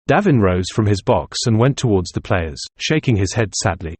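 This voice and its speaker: A man narrating an audiobook in a measured, literary reading style. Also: fairly low pitch, big pitch swings, a little mellow, slightly rough, no room sound. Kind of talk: scripted narration.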